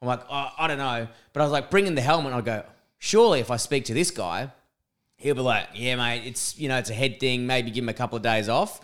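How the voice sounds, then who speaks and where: Young Aussie man, mid-pitched, blunt and animated co-host. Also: fast. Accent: Australian. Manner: animated, blunt, swears freely. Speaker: podcast co-host. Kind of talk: casual chat.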